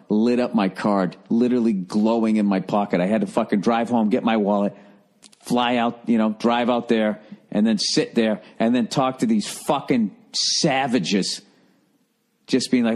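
A man's voice: lowish voice, steady tone, unhurried, darkish tone. A man hosting a podcast, telling a rambling story in a profane, wry, self-mocking way. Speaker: podcast host. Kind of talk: casual rambling monologue.

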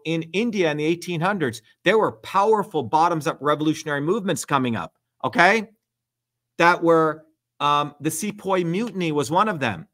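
Middle-aged guy hosting a stream, kinda high voice, ranting hard, swears a lot. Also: fairly bright tone. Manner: blunt, profane, emphatic. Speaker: host. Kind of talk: heated livestream talk.

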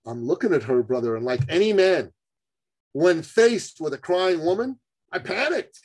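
Man, podcast guest, storytelling, lively pitch, fairly high voice, animated. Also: normal speed, dry recording, poor audio. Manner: animated storyteller, calls the host "brother".

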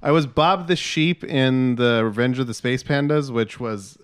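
A man's voice: medium pitch, a little slow, clean tone. A man in casual podcast chat, modest and a little hesitant as he talks in short bursts. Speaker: podcast guest.

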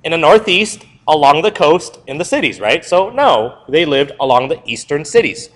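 A man's voice: fairly high pitch, normal speed, rough recording. A young adult male history teacher giving a classroom review lecture, quizzing the students and answering his own questions. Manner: lively, asks the class questions and answers them himself.

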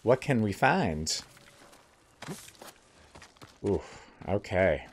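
A man with a lowish voice gives casual gameplay commentary. His pitch swings widely as he jokes and chats to game characters. The delivery is playful and loose. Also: sing-song, extremely slow, a little hiss or hum. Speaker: let's play gamer.

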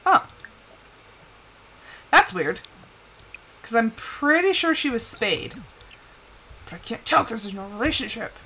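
A woman's voice: on the high side, sing-song, slow pace, pauses often, sharp tone, a little hiss or hum. A young woman streaming a life-simulation game, chatting casually, laughing often and talking to the characters on screen. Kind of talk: casual live-stream commentary.

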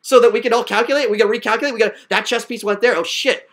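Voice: medium pitch, fairly even intonation, fast, very noisy. A professor berating a student in a profane, sarcastic classroom rant.

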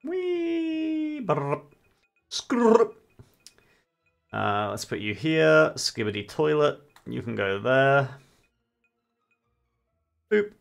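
A man's voice: mid-range voice, slow pace, gravelly, pauses often, a bit bright, clear, resonant tone. A young man chatting casually and swearing freely while livestreaming a game. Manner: chatty, swears casually, sings along to music. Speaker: streamer. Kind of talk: casual gaming livestream chat. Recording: faint music behind.

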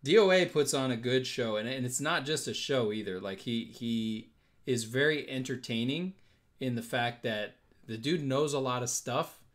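A man's voice: medium pitch, moderate pace. Man, live auction host, casual, upbeat, chatty. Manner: casual, upbeat, chatty, calling bids and reading comments. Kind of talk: live-stream auction chat.

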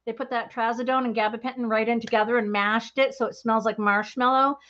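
A woman's voice: on the high side, fairly even intonation, a little fast, a bit bright, muffled recording. A woman hosting a crafting livestream, chatting casually with viewers in a bubbly, chatty way and laughing often. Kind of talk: casual chat with live viewers.

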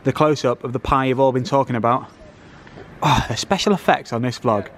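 A man's voice: medium pitch, slight background noise. Playful young man hosting a vlog. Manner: playful, jokey, quick asides. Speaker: vlog host. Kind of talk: casual behind-the-scenes vlog chat.

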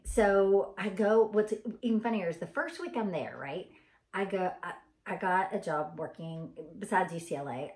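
Chatty Southern woman, lowish voice. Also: darkish tone. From Arkansas, US. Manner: chatty, rambling, many ums and y'alls. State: tired. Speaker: vlogger. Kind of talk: casual storytelling. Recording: echoey room.

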